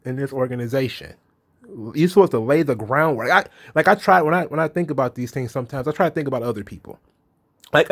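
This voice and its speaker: A man hosting a casual solo commentary, blunt and exasperated, swearing freely and acting out quotes. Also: mid-range voice. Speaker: wrestling commentary host.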